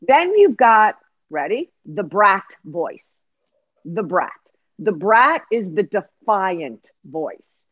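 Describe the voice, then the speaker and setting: A middle-aged woman, an executive life coach, explaining ideas in an emphatic, lively way on a podcast. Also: mid-range voice, slow, no echo, narrow, tinny audio. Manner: emphatic, lively, acts out voices. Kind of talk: animated teaching in conversation.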